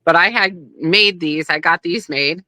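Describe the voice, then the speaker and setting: A middle-aged woman telling a story in a casual, animated way, acting out the voices of people she quotes. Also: fairly low pitch, unhurried, no echo, low-quality recording. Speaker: guest, wrestler's daughter.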